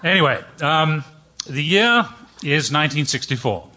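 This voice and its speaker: A man telling a personal story live on stage, chatty and halting with many pauses. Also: fairly high pitch, lively intonation, bright, forceful tone, lo-fi sound. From England. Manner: chatty, hesitant with many ums.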